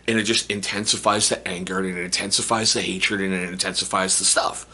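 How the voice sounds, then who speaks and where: A man in his forties with a fairly low, husky voice and a forceful, bright edge. He talks to camera in a candid, casual vlog style, tossing in teasing asides and rhetorical questions. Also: little pitch movement, a little fast, hardly any pauses. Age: 40s. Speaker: vlogger. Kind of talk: casual self-help talk to camera.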